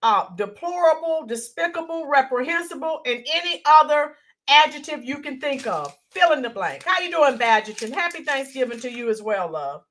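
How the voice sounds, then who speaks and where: Woman streamer, high and bright, very lively, chatty commentary that reads out viewer comments. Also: normal speed. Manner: animated, reads viewer comments aloud, greets viewers warmly. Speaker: political livestream co-host. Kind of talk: casual political commentary livestream.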